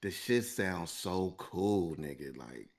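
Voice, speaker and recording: A man's voice: low-pitched, lively intonation, slow, creaky. A man co-hosting a podcast, telling a long story in a casual, profane, rambling way and laughing between lines. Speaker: podcast co-host.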